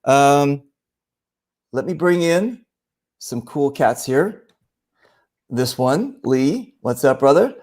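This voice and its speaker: A man with a slightly high voice hosts a relaxed online show. He tells long stories in a meandering way, full of fillers and restarts, and slips into other people's voices as he goes. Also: takes it slowly, long pauses. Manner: rambling, many fillers, acts out voices in anecdotes. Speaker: show host. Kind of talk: casual storytelling chat.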